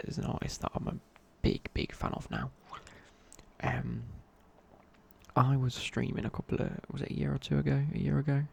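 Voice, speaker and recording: A man's voice: mid-range voice, creaky, slight background noise. A young man telling a rambling casual story in a whispered ASMR chat. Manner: rambling, casual, many fillers and restarts. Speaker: ASMR creator.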